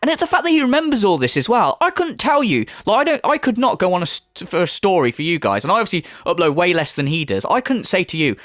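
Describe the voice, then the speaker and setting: A man's voice: sits high, sing-song, fast, few pauses, a bit bright, no room sound, clean studio sound. A man giving a sarcastic, heavily sweary commentary rant. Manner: sarcastic, swears heavily, mocks in put-on voices. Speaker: commentary video host.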